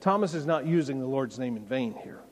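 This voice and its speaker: A man's voice: mid-range voice, animated, a little fast. A man preaching a sermon as a pastor, conversational and emphatic, with folksy anecdotes, in a church sanctuary. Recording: long reverb of a large hall.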